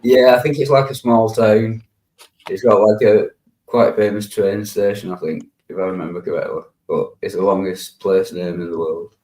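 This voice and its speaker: A man's voice: on the low side, steady tone, moderate pace, a little mellow, low-quality recording. A man chatting casually in a group stream, laughing often and leaning on fillers like "yeah" and "like.". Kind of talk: casual chat.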